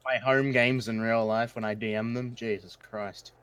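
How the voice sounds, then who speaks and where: A man playing in an online tabletop game, chatting quickly and offhandedly on a voice call. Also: mid-range voice, steady tone, fairly bright tone, clear, resonant tone. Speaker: player. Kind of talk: casual chat on a voice call.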